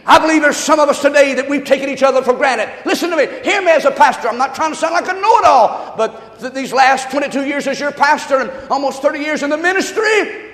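Man preaching a sermon, very high voice, impassioned shouts and low asides, long church reverb. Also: fairly quick, vocal fry. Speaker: pastor. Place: church sanctuary. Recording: echoey church hall.

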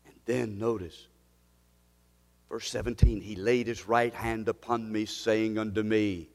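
A male pastor preaching a sermon, swinging from loud exclamations to hushed prayer and leading the congregation in call-and-response. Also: on the low side, little pitch movement, a little slow. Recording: long hall reverb.

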